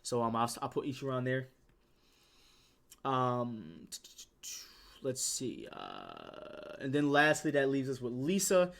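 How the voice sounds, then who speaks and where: A man's voice: mid-range voice, wildly swooping pitch, takes it slowly, vocal fry, long pauses, fairly bright tone. A man in his twenties giving casual commentary as a gaming YouTuber, with laid-back slangy talk, swearing and lots of filler words. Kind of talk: casual commentary on a ranking list.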